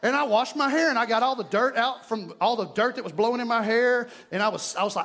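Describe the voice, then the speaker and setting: A man preaching a fervent, folksy sermon in a church, breaking into shouts. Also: very high-pitched, fast talker, hardly any pauses. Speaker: pastor. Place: church sanctuary. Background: music.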